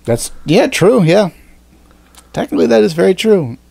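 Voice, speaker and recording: This male podcast host has a high, very animated, gravelly and slightly mellow voice at a moderate pace, in a dry recording. His casual chat rambles, packed with swearing, fillers and restarts.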